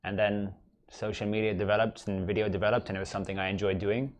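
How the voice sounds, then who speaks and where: A man's voice: fairly low pitch, level tone, fast talker. Easygoing joking man in a studio. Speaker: guest, content creator. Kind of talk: casual interview chat.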